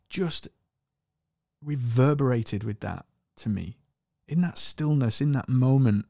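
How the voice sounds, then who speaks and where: Slow, mellow-voiced man reflecting. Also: mid-range voice, no room sound, studio quality. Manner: earnest, spiritual, with many restarts. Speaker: podcast host. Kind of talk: reflective personal storytelling.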